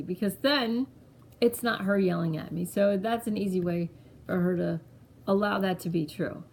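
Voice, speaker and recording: Gravelly low-voiced woman telling a story. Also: normal speed, a little hiss or hum. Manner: rambling, loose and conversational, often circling back to restart a thought. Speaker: mother sharing a parenting story. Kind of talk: casual personal storytelling to camera.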